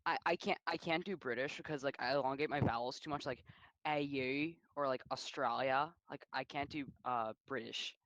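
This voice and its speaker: Rapid-talking teen guy. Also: medium pitch, fairly even intonation, fairly bright tone, dry recording, poor audio. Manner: rapid, filler-heavy with constant "like". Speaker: chat participant. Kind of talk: casual group voice chat.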